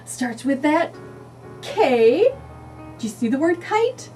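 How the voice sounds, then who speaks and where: Slow sing-song woman teaching phonics. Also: high voice, big pitch swings, mellow, recorded from a distance, soft background music. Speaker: early reading teacher. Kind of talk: children's phonics lesson.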